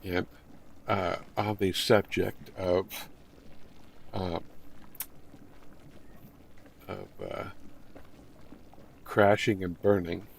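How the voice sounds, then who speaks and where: Brief: middle-aged male streamer, low, heavily gravelly voice, crude rambling chat, faint noise behind. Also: level tone, drawn-out words, pauses often. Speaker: game streamer.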